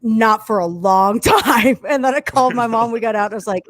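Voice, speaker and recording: A woman chatting casually on a radio show, telling animated stories and acting out the lines of the people in them. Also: a little high, quick pace, few pauses, dry recording. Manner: animated storyteller who acts out quotes. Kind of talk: casual chat.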